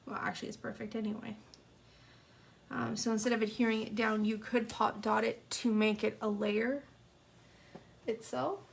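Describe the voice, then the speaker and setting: A woman with a slightly high, creaky voice teaches card-making live, chatting with her viewers while she works, moving at a moderate pace with little pitch movement and frequent pauses. The papercraft instructor sniffles and hiccups as she goes.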